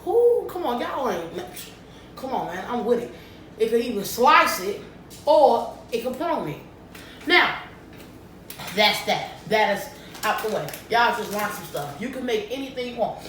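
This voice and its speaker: A woman vlogging casually to camera in a lively way, often checking in with her viewers. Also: fairly high pitch, measured pace. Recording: echoey room, distant mic, faint noise.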